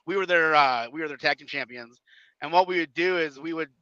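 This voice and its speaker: A man in his thirties with a Chicago-area accent, a wrestler telling stories on a podcast in an animated way, acting out other people in loud bursts and swearing freely. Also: on the high side, a little fast, clear, resonant tone, dry recording. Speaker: independent wrestler, podcast guest. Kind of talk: casual storytelling chat. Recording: dull lo-fi podcast audio.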